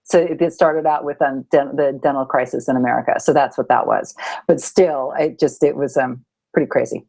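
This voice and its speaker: A woman's voice: extremely low pitch, steady tone, brisk, vocal fry, dark tone. Playful woman co-hosting a podcast. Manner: laughs easily, playful. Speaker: podcast co-host and teacher. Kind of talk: casual chat.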